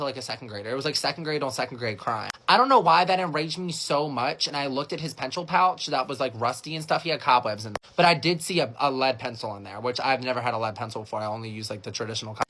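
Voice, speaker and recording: A young man telling a casual storytime, animated and filler-heavy, jumping into high voices when he quotes people. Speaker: storytime creator.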